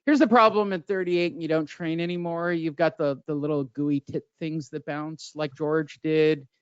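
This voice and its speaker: A man's voice: fairly high pitch, steady tone, normal speed, smooth, dry recording, muffled recording. A middle-aged man co-hosting a boxing podcast, who jokes crudely in casual chat. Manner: crude, joking storyteller.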